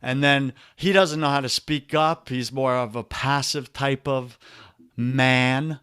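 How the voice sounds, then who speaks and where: A man with a New York accent, speaking as a podcast guest and men's coach in an energetic, preachy way, often calling the listener brother. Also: medium pitch, takes it slowly, clean tone, no echo, clean studio sound. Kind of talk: energetic motivational talk.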